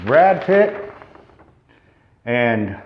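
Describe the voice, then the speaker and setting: A man's voice: mid-range voice, very animated, extremely slow. A man casually recapping a movie in a rambling, chatty way. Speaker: vlogger. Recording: roomy, dull lo-fi recording.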